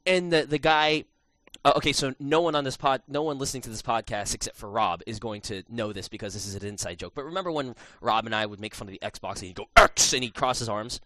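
Guy on a podcast rattling off a travel story, quick and bright, dry close sound. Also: mid-range voice, dry recording. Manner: animated storytelling with many restarts and fillers. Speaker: podcast host. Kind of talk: casual podcast chat.

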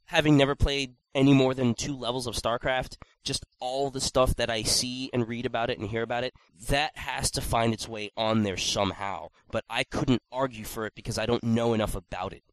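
A man casually chatting on an online podcast, animated, swearing freely and acting out quotes. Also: medium pitch, brisk, hardly any pauses, no room sound, poor audio. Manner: animated, swearing, acts out quotes in exaggerated voices. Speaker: podcast co-host. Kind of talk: casual chat.

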